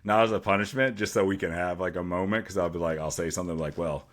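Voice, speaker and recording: A man with a deep voice, a teacher co-hosting a casual podcast chat and telling stories with dry sarcasm. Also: steady tone, fast talker, fairly bright tone. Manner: dry sarcastic humor, storytelling with acted quotes.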